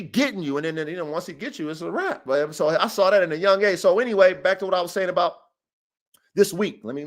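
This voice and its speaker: Animated, profane man telling stories. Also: sits high. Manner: animated storytelling, profane, quick asides. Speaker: dog breeder and podcast host. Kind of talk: casual livestream talk. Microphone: streaming setup.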